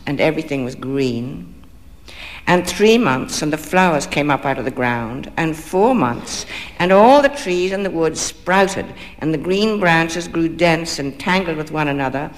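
Man reading a fairy tale, measured and expressive, fairly high voice, long hall reverb. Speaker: storyteller.

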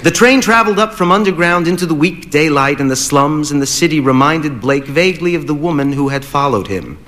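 Man reading a story aloud, measured. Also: on the high side, a bit bright. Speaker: narrator. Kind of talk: scripted audiobook narration.

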